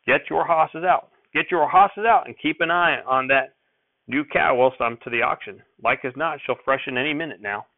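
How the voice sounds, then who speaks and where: A man voicing an excitable, cranky old rural grandfather who talks in folksy dialect and repeats his exclamations. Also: medium pitch, normal speed, no room sound, narrow, tinny audio, lightly acted. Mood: jovial.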